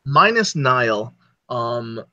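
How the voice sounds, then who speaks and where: A man's voice: mid-range voice, big pitch swings, very slow, bright, forceful tone, no echo. A man playing a tabletop role-playing game, describing his character's actions in a rambling way full of "like" and "you know". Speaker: player. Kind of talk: tabletop role-play chat. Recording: slightly dull, dry mic.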